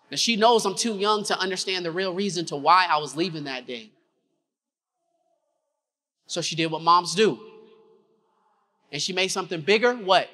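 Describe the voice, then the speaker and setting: A male keynote speaker with a high, bright, forceful voice tells his story with dramatic swings and pulls the crowd in with call-and-response. A long reverb from the big conference hall trails his words.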